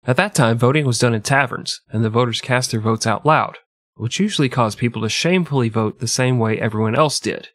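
Profane joking podcast host. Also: male voice, medium pitch, a little fast, a bit bright, no echo, clean studio sound. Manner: irreverent, profane, laughs often. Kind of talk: comedic history narration.

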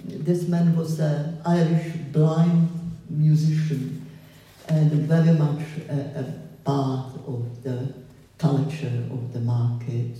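Slow, mellow-voiced older woman with a foreign accent. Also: extremely low pitch, highs cut off. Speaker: photographer, guest. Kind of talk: public conversation at a gallery event. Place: gallery hall with an audience. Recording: echoey hall, voice from far off.

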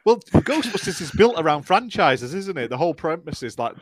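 A man's voice: on the high side, very animated, a little fast, breathy edge, no echo. A man, rambling through casual gaming-podcast chat with many restarts. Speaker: podcast co-host.

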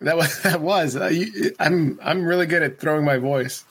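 A man's voice: on the high side, normal speed, a bit bright, slightly rough. A man co-hosting a wrestling podcast in casual, rambling chat, laughing often. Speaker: podcast co-host.

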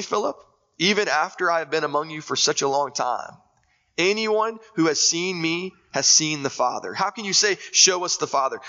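A man delivers a sermon in a relaxed, conversational way, pausing to think as he goes. His voice is slightly high and bright. The sound is a bit dull, and long reverb carries through the hall. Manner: conversational, with thoughtful pauses. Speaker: pastor.

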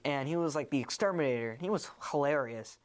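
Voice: medium pitch, fairly quick. A young adult podcast host in casual chat, retelling a movie in a rambling way with many fillers and restarts.

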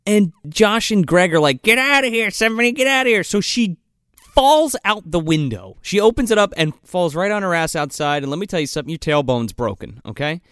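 Young guy cussing thru a movie recap, high voice, jumpy, dry mic. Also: normal speed, no room sound. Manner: profane, animated storytelling with mocking voices. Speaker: podcast co-host. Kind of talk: casual movie-recap banter.

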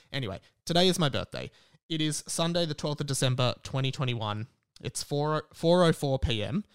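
Aussie guy in his 20s doing a solo podcast, kinda highish voice, rambly and self-deprecating. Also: expressive, normal speed, clear, resonant tone. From Australia. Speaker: podcast host.

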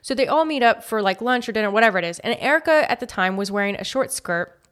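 Animated woman gossiping on a podcast. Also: a little high, quick pace. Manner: animated, acts out quotes in mock voices. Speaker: podcast co-host. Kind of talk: casual gossip chat.

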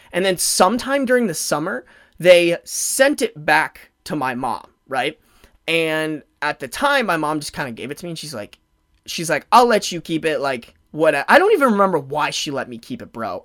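A man's voice: on the high side, dry recording, clean studio sound. A young man telling a story in a rambling, casual way, full of fillers and restarts. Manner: rambling, filler-heavy, animated.

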